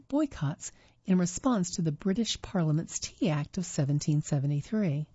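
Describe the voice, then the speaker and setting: Low, husky woman reading articles aloud. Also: warm tone, no echo. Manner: unpolished reading with self-corrections and fillers. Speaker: reader of magazine articles. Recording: dull lo-fi dry recording.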